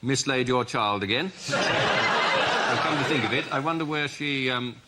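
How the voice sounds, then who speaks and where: A comedian playing a bumbling, middle-aged prime minister, flustered and stammering. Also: male voice, medium pitch, unhurried, natural voice. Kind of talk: improvised comedy sketch. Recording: noisy studio with audience laughter.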